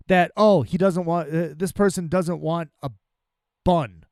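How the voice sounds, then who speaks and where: A podcast host ranting angrily and profanely about a restaurant, full of exasperation. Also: male voice, high-pitched, steady tone, a little slow, a little mellow, clean tone, dry recording, clean studio sound.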